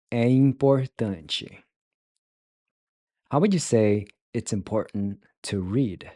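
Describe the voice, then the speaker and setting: A man teaching pronunciation, breaking words into sounds and repeating them slowly and carefully. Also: lowish voice, warm tone, dry recording, clean studio sound. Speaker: language teacher. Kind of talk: slow, careful pronunciation lesson.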